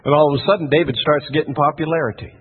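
A man's voice: fairly high pitch, steady tone, rapid-fire, phone-quality sound, slight background noise. A man preaching a sermon in an emphatic, folksy style, telling the story with lots of energy.

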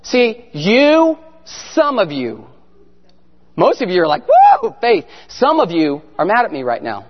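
A man giving an animated testimony sermon as a guest speaker, telling his story and sometimes shouting prayers. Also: high voice, unhurried. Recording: echoey hall, muffled sound.

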